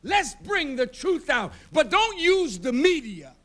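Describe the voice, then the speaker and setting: A man from the United States giving an impassioned award speech with a preacher-like cadence that rises to shouts. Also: very high-pitched, sing-song, slow. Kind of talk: fiery public oratory. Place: banquet hall at an awards dinner.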